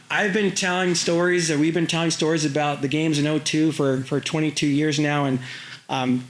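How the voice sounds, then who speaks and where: A man, an Olympic champion, giving halting, emotional remarks at a public event, with many fillers and restarts. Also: on the high side. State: choked up with emotion. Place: airport event space. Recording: echoey event hall.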